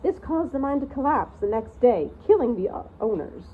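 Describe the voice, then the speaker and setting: A woman voicing an ancient, forgetful male mouse who keeps records, speaking in a squeaky near-whisper and rambling like a doddering elder. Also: big pitch swings, normal speed. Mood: reading records. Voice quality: squeaky voice barely above a whisper. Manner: doddering, rambling, peering over spectacles. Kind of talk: storybook reading. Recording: tinny phone-like sound, faint hiss.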